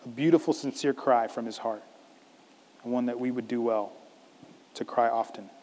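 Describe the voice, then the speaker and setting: A man preaching a sermon as a pastor, animated, acting out a scripture scene in different voices. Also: medium pitch, moderate pace, in a large hall.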